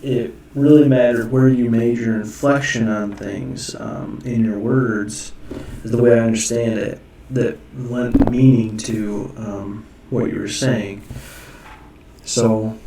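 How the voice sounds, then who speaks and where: Casual teacher, man, gravelly and unhurried, off-mic in a roomy space, muses aloud. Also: mid-range voice, warm tone, recorded from a distance, a little hiss or hum. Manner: musing, self-correcting, thinking aloud. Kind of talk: casual screen-share lesson. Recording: echoey room, off-mic.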